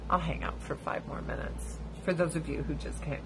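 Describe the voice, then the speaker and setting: A woman hosting a casual livestream chat, telling blunt, profane stories and squealing high when she imitates other people. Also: fairly even intonation, normal speed, background noise. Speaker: livestream host.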